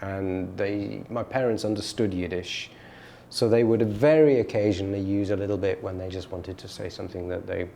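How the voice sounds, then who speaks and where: A man's voice: deep voice, steady tone, normal speed, gravelly, mellow, slight background noise. A man in an oral history interview, telling a childhood story in a reflective, storytelling way with frequent restarts. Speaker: musician recalling his childhood.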